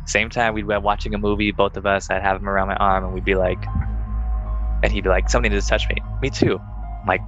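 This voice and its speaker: A young man casually telling a ghost story to friends, animated and acting out the voices he quotes. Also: fairly quick, muffled recording, soft background music. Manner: animated, acts out quoted voices in higher pitch.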